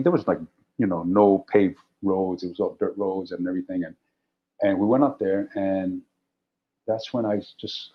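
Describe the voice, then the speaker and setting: A middle-aged man, a guest actor, telling stories in an animated, anecdotal way during a casual interview. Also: deep voice. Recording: dull lo-fi audio.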